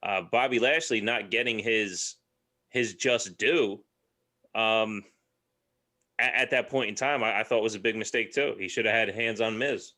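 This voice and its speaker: A man's voice: on the low side, a little slow, bright, forceful tone. A man co-hosting a casual podcast, giving opinions in a thoughtful, hedging way. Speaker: podcast co-host. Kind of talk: casual chat.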